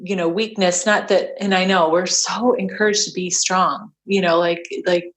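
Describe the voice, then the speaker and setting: A woman's voice: lowish voice, fairly even intonation, moderate pace. A middle-aged woman talking casually as a podcast guest, chatty with frequent restarts and laughter. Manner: chatty, many restarts and fillers, laughs often. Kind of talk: casual chat.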